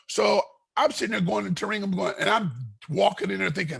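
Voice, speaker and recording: A man guest in an interview, telling a long story with animated energy, voicing other people in it, often repeating and restarting his words. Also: high voice, fast talker. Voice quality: gravelly, raspy. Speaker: guest, retired fighter.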